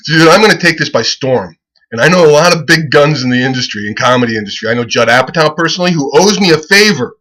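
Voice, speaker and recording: A comedian rambling casually as he pitches a website, profane and excitable, who keeps breaking into laughter at his own jokes. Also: fast talker, low-quality recording. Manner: profane, excitable, loose storytelling.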